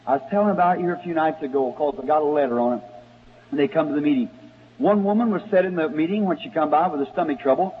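A man preaching a sermon, telling a story in a folksy way and rising to excited shouts at times. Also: fairly high pitch, slight background noise. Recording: tinny lo-fi old sermon recording in a reverberant hall.

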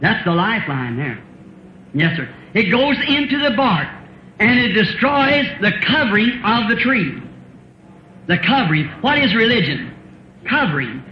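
High-voiced folksy preacher, old tape. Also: male voice, sing-song, a little slow, a little hiss or hum. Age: 50s. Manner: folksy, rhetorical questions, chuckles often. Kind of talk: sermon. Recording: roomy, dull old sermon tape.

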